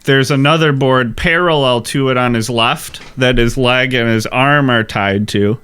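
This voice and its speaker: A man co-hosts a casual history podcast, explaining details slowly and deliberately. His voice is smooth and clear at a mid pitch. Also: fairly bright tone. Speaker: podcast co-host.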